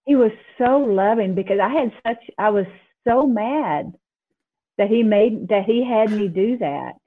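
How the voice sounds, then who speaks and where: A woman guest tells her faith testimony in a lively, emphatic rush, laughing now and then. Her mid-pitched voice comes through a thin, tinny phone line. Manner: animated storytelling, quick and emphatic, laughs. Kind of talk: personal testimony in interview.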